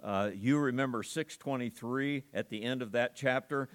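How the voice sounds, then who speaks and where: A man's voice: medium pitch, normal speed, few pauses, clear, resonant tone. A male pastor preaching a sermon at a church service, emphatic and full of rhetorical questions to his congregation.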